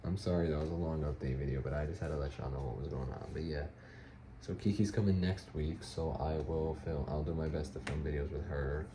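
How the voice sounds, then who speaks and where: A young man giving a rambling, halting life update for his vlog, with frequent restarts. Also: very deep voice, fairly even intonation, mellow, roomy sound, slight background noise. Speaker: vlogger.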